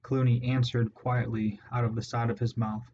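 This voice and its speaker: A man giving measured, steady narration of a storybook. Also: medium pitch. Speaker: audiobook narrator. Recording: dull lo-fi audio, faint hiss.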